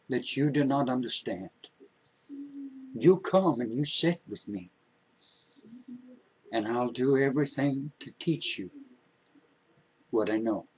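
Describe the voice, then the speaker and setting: A man's voice: mid-range voice, a little mellow, breathy edge, poor audio. A man voicing an old-fashioned farmer who talks in thee and thou, in a storytelling telling. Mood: gentle. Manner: archaic, formal speech.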